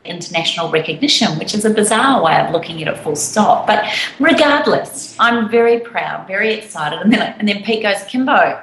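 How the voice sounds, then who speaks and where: A woman tells a story with gushing excitement as she co-hosts a casual chat. Her voice sits at an ordinary middle pitch. The room around her is echoey. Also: a little fast, gravelly. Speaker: podcast co-host. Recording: roomy echo.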